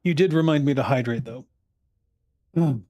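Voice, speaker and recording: A man's voice: medium pitch, moderate pace, a little mellow, dry recording. A man in his thirties, a streamer chatting casually, rambling and swearing with many laughs while ordering food.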